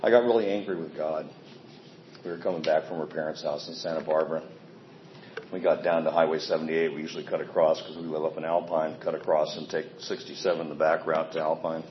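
A man's voice: rumbling low, little pitch movement, brisk. A man giving a candid, plainspoken personal recovery testimony, self-deprecating about his past behavior. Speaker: speaker sharing a recovery story. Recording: echoey, dull sound with faint ambient noise.

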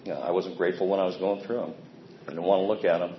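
A man with a deep voice and fairly even intonation talks very fast, sharing a candid, plainspoken recovery story and poking fun at his own past behavior. The recording sounds echoey and dull, with faint ambient noise.

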